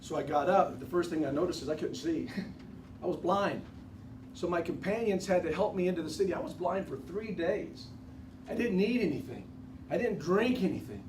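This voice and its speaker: A candid, repentant former persecutor from ancient times, played by a man who tells his story straight to the listeners with folksy asides. His voice sits high for a man. It is recorded from a distance in a roomy hall, with clear background noise. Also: expressive, normal speed. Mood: earnest. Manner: conversational, addresses the audience directly, folksy asides. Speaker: actor portraying a biblical figure for a church class. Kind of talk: first-person dramatic monologue. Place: church classroom.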